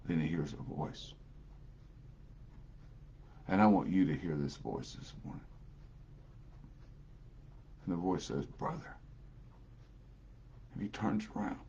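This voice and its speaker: A man's voice: low voice, expressive, a little slow, vocal fry, long pauses, dark tone, highs cut off, a little hiss or hum. A man preaching a sermon with folksy storytelling and plenty of fillers.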